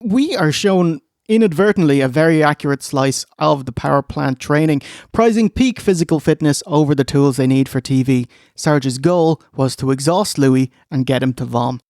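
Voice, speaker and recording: A man's voice: on the high side, normal speed, few pauses, a little mellow, dry recording. A man co-hosting a podcast, narrating a recap with wry, dry asides.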